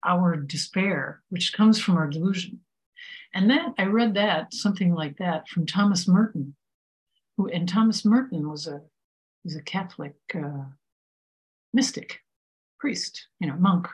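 A woman with a fairly low voice gives a reflective spiritual talk. She speaks unhurriedly, pausing often and filling gaps with soft fillers as she thinks aloud. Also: rough recording. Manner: unhurried, many pauses and fillers. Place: Paris.

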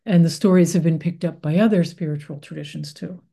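A woman's voice: deep voice, a little fast, vocal fry, dark tone, breathy edge. An American woman, middle-aged, giving a reflective spiritual talk in a thoughtful, meandering way with many fillers and restarts. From United States.

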